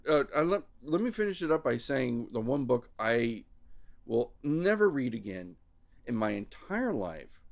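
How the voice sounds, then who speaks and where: A man hosting a podcast in a casual, rambling chat with a gravelly, fry-laden voice at an ordinary pitch. He restarts sentences often as he talks. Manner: rambling, restarting, self-interrupting. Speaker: podcast host.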